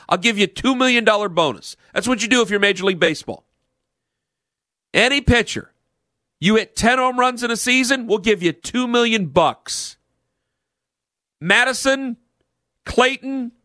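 A man's voice: high-pitched, bright, forceful tone, dry recording, studio quality. A man hosting a sports talk radio show, ranting bluntly and sarcastically about the game.

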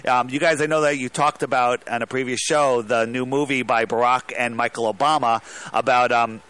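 Male caller, emphatic and rambling, tense bright timbre. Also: mid-range voice, steady tone, moderate pace, smooth. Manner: rambling, emphatic, restarts a lot. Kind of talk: casual talk radio call.

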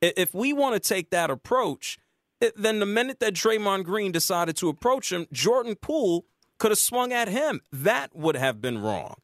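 A man's voice: moderate pace, no echo, clean studio sound. A man hosting a sports talk radio show, arguing his point with emphasis. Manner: emphatic, argumentative, lively pitch swings.

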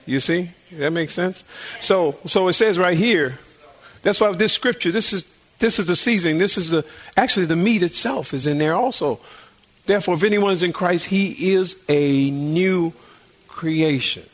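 An older man preaches a sermon with a high, lifting voice. He talks to the congregation in a folksy, conversational way, repeating words as he builds up fervor. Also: moderate pace, a bit bright. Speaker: pastor.

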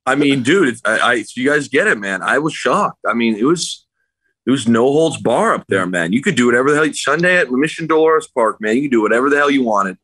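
A man's voice: mid-range voice, expressive, brisk, sharp tone, husky, dry recording. A man guesting on a podcast, joining over a remote call and telling a laid-back, rambling story with frequent chuckles. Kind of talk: casual storytelling chat.

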